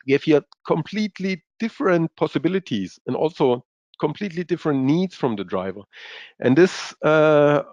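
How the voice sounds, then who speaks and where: A man presents in a webinar, his non-native English halting and filled with pauses and fillers. His voice sits in an ordinary middle pitch. The sound is dry and muffled, like lo-fi online meeting audio. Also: darkish tone, no room sound. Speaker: guest expert presenting in a webinar. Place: based in Europe.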